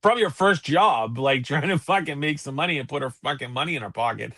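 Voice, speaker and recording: A man, co-hosting a casual talk show and telling profane, animated stories. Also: on the high side, fast, no echo, clean studio sound. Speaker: podcast co-host. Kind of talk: casual chat.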